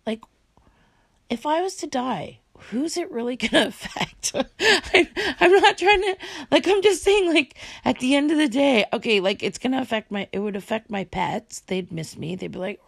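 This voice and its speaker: A woman's voice: high-pitched, expressive, normal speed, gravelly, no echo. A woman ranting in a casual vlog, blunt and emphatic, who drops into whispered asides. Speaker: vlogger.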